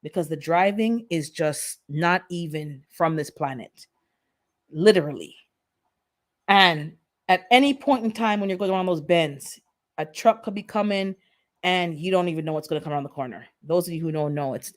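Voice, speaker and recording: A woman with a Jamaican accent chatting casually on a livestream, telling stories in a lively, chatty way. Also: fairly low pitch, normal speed. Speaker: gardening channel host.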